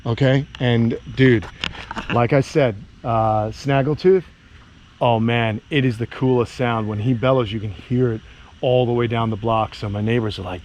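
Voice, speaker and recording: A man's voice: mid-range voice, fairly even intonation, normal speed, a little mellow, slight background noise. An enthusiastic man chatting casually in an outdoor vlog while walking around his animal camp. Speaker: animal keeper and vlogger.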